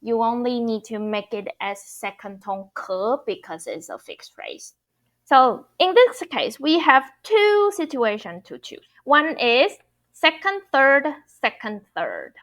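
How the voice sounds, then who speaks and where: A woman's voice: fairly high pitch, big pitch swings, takes it slowly, a bit bright. A woman in her thirties with a Taiwanese Mandarin accent, explaining Mandarin tones in an online lesson and repeating each example patiently. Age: 30s. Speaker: Mandarin teacher.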